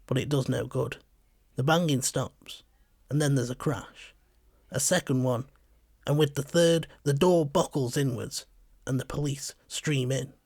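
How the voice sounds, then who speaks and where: A man reading a short story as narrator in a steady, measured way. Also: medium pitch, dry recording, clean studio sound. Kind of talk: scripted narration.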